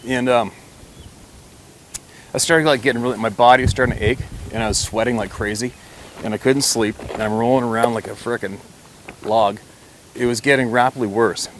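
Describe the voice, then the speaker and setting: A man's voice: fairly low pitch, slight background noise. A man telling a personal story to camera in a rambling, blunt way, with mild swearing and frequent restarts.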